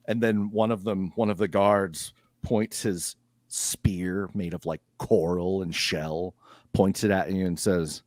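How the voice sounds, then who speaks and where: A man runs a tabletop game as game master, describing each scene at an unhurried pace. His voice sits very low. The sound is close and dry. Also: fairly even intonation, a little mellow, no room sound. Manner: unhurried descriptive narration with fillers.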